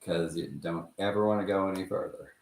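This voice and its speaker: With a West Texas accent, a man tells stories casually and ramblingly, swearing freely and chuckling along the way. His voice is low-pitched and a little fast, recorded with a roomy echo.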